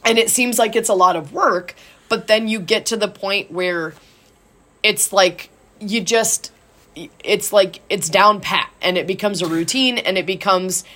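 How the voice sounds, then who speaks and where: A woman coach telling a story in casual chat, animated and acting out quotes with lots of "like". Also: medium pitch, unhurried.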